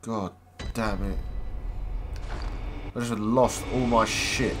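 A man's voice: on the low side, fairly even intonation, slow pace, long pauses, background noise. A man playing a game and commenting on it, swearing constantly as he rages and mutters. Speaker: gamer. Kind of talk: angry gameplay commentary.

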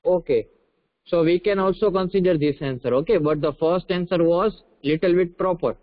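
A man with an Indian English accent teaches a class over a video call, with a fairly high voice. He repeats his questions, dictates slowly and coaxes the students to answer. The audio sounds muffled and lo-fi.

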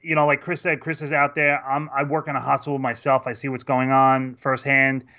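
A man co-hosting a podcast, talking calmly and reassuringly. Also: medium pitch, fairly quick, dull audio. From New York. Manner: calm, reassuring. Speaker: podcast co-host. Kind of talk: casual podcast chat.

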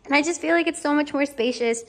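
A woman's voice: high voice, fast. A woman vlogging casually to camera at home, chatty and bubbly, with lots of filler words. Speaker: vlogger and mom. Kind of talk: casual vlog chat to camera. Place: at home in a playroom.

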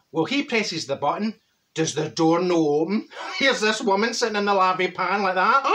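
A man's voice: fairly high pitch, sharp tone. A man voicing a chatty older Glasgow woman with a Glaswegian Scottish accent, telling cheeky gossip and stories to camera with frequent laughs. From Glasgow, Scotland. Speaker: comedy character host. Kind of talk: comic monologue to camera.

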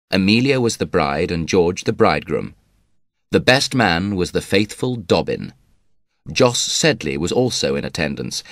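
Male audiobook narrator, very low voice, dry studio sound, measured read. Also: no room sound. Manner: measured, even storytelling.

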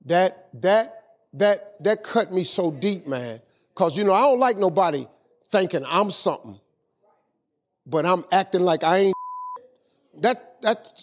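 A middle-aged man telling an animated motivational story, often repeating "man" as filler. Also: high voice, a little slow, long pauses. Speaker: motivational speaker. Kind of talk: storytelling speech.

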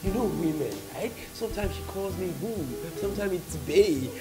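An actor playing a smooth, controlling man who has just got engaged, talking with slow chuckling charm. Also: sits high, lightly acted, rough recording. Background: film music.

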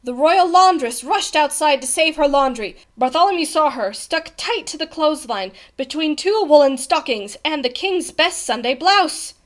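A woman reads a children's picture book aloud in a high voice. Her pitch climbs and swoops freely from phrase to phrase, giving the story an expressive, playful storytime feel. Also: normal speed, hardly any pauses. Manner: expressive, animated storybook reading.

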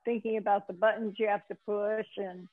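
A woman hosting an interview, chatting slowly and enthusiastically. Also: medium pitch, level tone, no room sound. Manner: slow and enthusiastic. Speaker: host. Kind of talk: casual interview chat. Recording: tinny phone-like line.

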